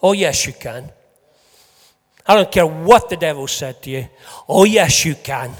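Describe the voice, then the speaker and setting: A man preaching a sermon to a congregation in a lively, joking way, swinging between loud bursts and soft asides. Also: medium pitch, normal speed. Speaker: pastor. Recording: long hall reverb.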